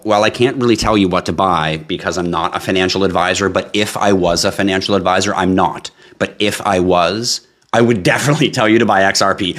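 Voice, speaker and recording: A man with a very low voice hosts a live crypto stream. He talks to his viewers in a brash, joking way, swears freely and reads their comments aloud. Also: fairly quick, a bit bright.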